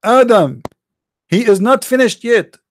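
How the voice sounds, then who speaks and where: Very high, with lively intonation and an unhurried pace, this Arabic-accented non-native English speaker is an online religious commentator reading from a screen. His monologue is mocking, sarcastic and incredulous, and he mimics sneezes; there's no room sound.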